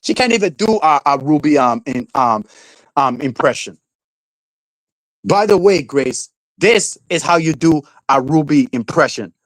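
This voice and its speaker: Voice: mid-range voice, a little slow, dry recording, poor audio. A streamer host in a casual livestream rant, swearing freely, laughing often and mocking people with silly voices.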